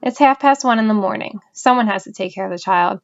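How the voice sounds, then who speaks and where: A woman's voice: mid-range voice, fast, highs cut off, faint music behind, lightly acted. A woman voicing a weary policeman. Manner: calm and weary. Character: tired, patient male policeman.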